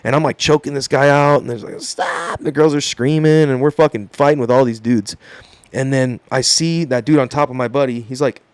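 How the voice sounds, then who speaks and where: A man's voice: medium pitch, brisk, clear, resonant tone, no room sound. A man in his thirties, a podcast guest telling a story casually, swearing often and acting out the quotes. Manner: profane, animated storytelling with voiced quotes.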